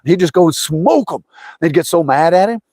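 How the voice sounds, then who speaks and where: A man's voice: fairly high pitch, a little fast, no room sound. Middle-aged guy on a fishing stream just chatting, rambly storyteller, dry close sound. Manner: rambling and anecdotal, lively voices for quotes. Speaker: fishing livestream host. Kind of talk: casual storytelling chat.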